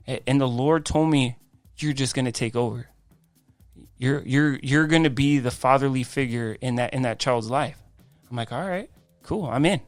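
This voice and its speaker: A man, a guest on a faith podcast, telling his life story in an animated way, acting out quoted dialogue. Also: mid-range voice, no room sound. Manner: frequent restarts and "I'm like" quoting.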